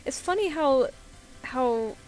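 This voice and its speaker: A woman's voice: sits high, lively intonation, takes it slowly, a little mellow. Young woman, casual streamer chat, anecdotal and giggly, faint music underneath. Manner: chatty, anecdotal, laughs often, acts out quoted voices. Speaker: artist streaming live commissions.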